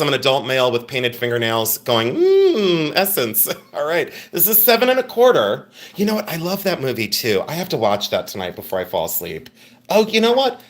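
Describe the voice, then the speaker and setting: A man's voice: on the high side, a bit bright. A man hosting a live jewelry sale stream, chatty and joking as he rambles about each piece. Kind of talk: casual live-stream selling.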